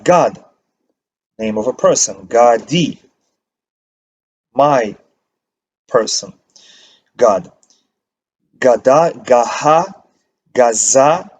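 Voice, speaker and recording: A man teaching a language lesson, reading word lists aloud and pausing to give short meanings. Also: mid-range voice, a little mellow. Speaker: Hebrew teacher. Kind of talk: slow vocabulary reading lesson.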